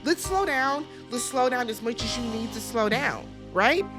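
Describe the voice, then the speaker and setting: A woman's voice: fairly high pitch, animated, moderate pace, over music, natural voice. A woman voicing a confused young man who eagerly tries to soothe and agree. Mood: placating.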